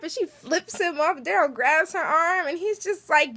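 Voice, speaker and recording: Brief: high-pitched woman, giggly and chatty, casual recap vlog. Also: animated, normal speed, few pauses, pushed and bright. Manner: chatty, giggly, lots of filler words. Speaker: vlogger.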